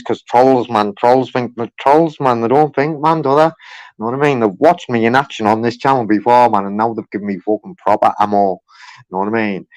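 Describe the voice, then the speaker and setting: A man's voice: lowish voice, rough recording. A man chatting casually on a livestream, rambling, swearing freely and talking back to his chat. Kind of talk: casual live-stream chat.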